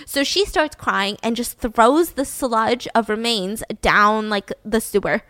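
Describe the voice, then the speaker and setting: A woman casually telling a dark story, chatty and blunt, with lots of filler words. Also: a little high, takes it slowly, dry recording.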